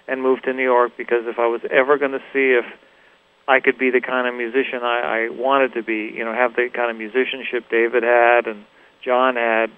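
Male musician guest, thoughtful and halting, mid pitch, thin phone-band radio audio. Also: clear, resonant tone. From Los Angeles. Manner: halting, many restarts and "you know". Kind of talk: reflective interview talk. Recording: tinny phone-like radio recording.

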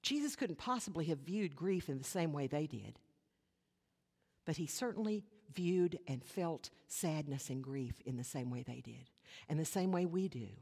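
A woman pastor delivering a sermon, earnest, with rhetorical questions and dramatic pauses. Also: low-pitched, animated, darkish tone, slightly rough. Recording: long hall reverb.

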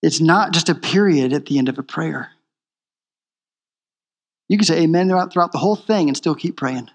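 High-voiced man preaching a sermon. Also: normal speed, big-room sound. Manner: emphatic, repeats key phrases. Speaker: pastor.

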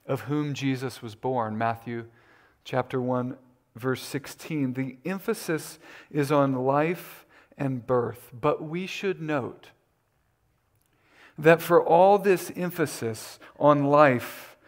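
A man preaching a sermon as pastor, deliberate and emphatic, his voice lifting when he makes a point. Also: mid-range voice.

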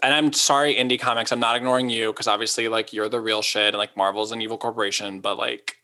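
A man's voice: lowish voice, fairly even intonation, sharp tone. A young man chatting casually as a podcast co-host, rambling and filling his talk with "like". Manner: rambling, lots of "like", quick asides. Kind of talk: casual chat.

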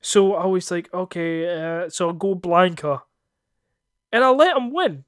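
Animated Scottish man telling stories. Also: high-pitched, measured pace, no echo, studio quality. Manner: animated, swearing, acts out voices in his stories. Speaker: podcast co-host. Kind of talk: casual storytelling chat.

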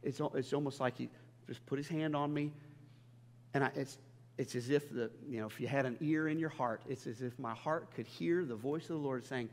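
A man preaching a sermon as a pastor, impassioned and stammering over restarts, swinging between loud and hushed. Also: mid-range voice, fairly quick. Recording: long hall reverb.

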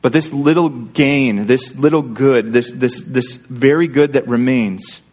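A man's voice: medium pitch, unhurried, darkish tone, slightly rough. A man pastor preaching a sermon in an earnest, conversational way, often checking in with his listeners through rhetorical questions.

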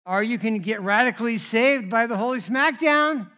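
Bright high-voiced male preacher. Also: moderate pace. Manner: animated, conversational, asks the crowd for responses. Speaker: pastor. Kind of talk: sermon with personal stories.

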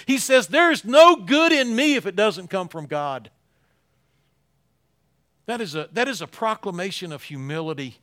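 An older man preaches with real passion, his voice sitting high and sounding bright and forceful. He swings between loud pleading and quiet asides, and he often doubles back on his words for emphasis. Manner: impassioned, swinging from loud to hushed, repeating words. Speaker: pastor. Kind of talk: sermon.

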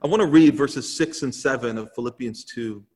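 A man's voice: medium pitch, moderate pace, a little mellow. Pastor guy preaching earnest and emphatic, lots of repeating, long hall echo. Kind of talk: sermon.

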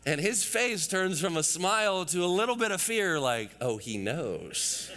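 A man's voice: sits high, expressive, normal speed, pushed and bright, long reverb tail, slight background noise. A man in his thirties preaching a sermon as pastor, emphatic and building through repeated phrases, with asides to the congregation.

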